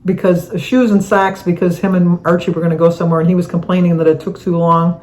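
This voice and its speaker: A woman's voice: lowish voice, little pitch movement, quick pace, darkish tone, poor audio. A woman in her seventies answering viewer questions in a casual chat, telling rambling stories and laughing through them. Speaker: co-host.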